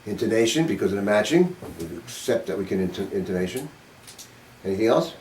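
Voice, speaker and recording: Older guy teaching sax class, low voice, kinda blunt, swears a bit, mic way off across the room. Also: lively intonation, fairly quick, darkish tone, a little hiss or hum. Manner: blunt, informal, quizzes the class, swears casually. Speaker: saxophone teacher. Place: music studio. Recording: roomy sound from a distant mic.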